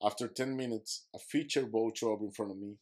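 A man's voice: on the low side, fairly even intonation, fairly quick, a little mellow. A man, a podcast guest, telling a personal story in earnest, emphatic English with non-native phrasing.

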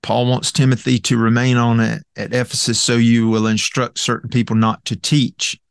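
A man's voice: mid-range voice, level tone, normal speed, creaky, clear, resonant tone, dry recording. A man teaching a Bible lesson from slides, methodical, with many fillers and restarts, explaining Greek word roots. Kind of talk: recorded Bible lecture with slides.

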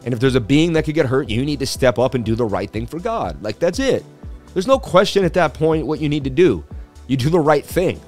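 A man's voice: mid-range voice, animated, brisk, a little mellow, faint music behind. Chatty man hosting a crypto livestream. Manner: chatty, reads viewer comments aloud. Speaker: crypto market livestream host. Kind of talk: casual livestream commentary.

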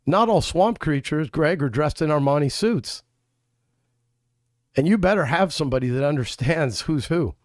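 A man's voice: a little high, lively intonation, normal speed, no room sound, studio quality. A man speaking as a Senate candidate in a casual political chat, an emphatic storyteller who quotes people in his anecdotes.

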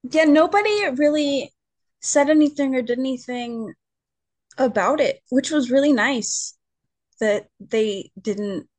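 Woman, young adult, podcast guest, personal storytelling, candid, chatty, fairly high voice, dry sound. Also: slow, darkish tone, dry recording. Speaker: guest, musician and advocate.

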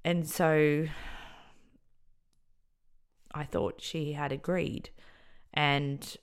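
A young Australian woman tells her own story on a podcast, her voice edged with a gravelly fry. She speaks earnestly and often sinks into soft, almost whispered phrases. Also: sits low, level tone, very slow. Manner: earnest, emotional retelling, often trailing into quiet near-whispers. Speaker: podcast host.

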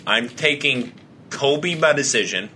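A man's voice: mid-range voice, animated, a little slow, sharp tone, a little hiss or hum. A young man co-hosting a casual podcast chat, joking, swearing and laughing often. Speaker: podcast co-host.

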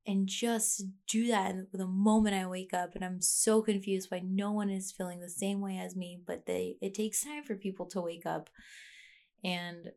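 Creaky-voiced woman ranting candidly. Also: mid-range voice, fairly even intonation, moderate pace, dark tone. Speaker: vlogger. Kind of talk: casual confessional monologue.

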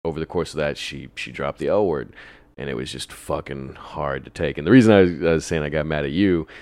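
A man's voice: very deep voice, fairly quick, a little mellow, no room sound, studio quality. A young man in casual chat, telling a long personal story in a rambling way, swearing freely and laughing often. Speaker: podcast guest telling a story.

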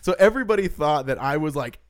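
A man's voice: a little high, lively intonation, fast. Rambling man telling stories. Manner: rambling storyteller, heavy use of "like". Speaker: podcast co-host. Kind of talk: casual chat.

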